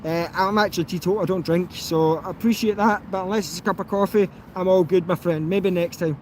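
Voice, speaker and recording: A man from Scotland with a softened Scottish accent, chatting casually on a live stream and answering viewers, rambling with lots of fillers and restarts. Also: sits high, fairly even intonation, fairly quick, a little hiss or hum. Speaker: YouTube auditor answering live chat.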